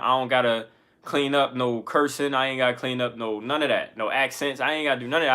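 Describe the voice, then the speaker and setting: Here the channel-hosting musician sounds steady yet fast, his mid-range voice taking on a sharp edge. He offers his audience casual, candid encouragement to camera in rough, slangy language.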